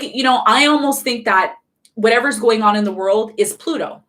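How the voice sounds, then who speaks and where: A woman hosting a live astrology channel, talking quickly and with emphasis, repeating key phrases and putting questions to her viewers. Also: a little high, a bit bright. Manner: fast-talking. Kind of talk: live-streamed casual teaching.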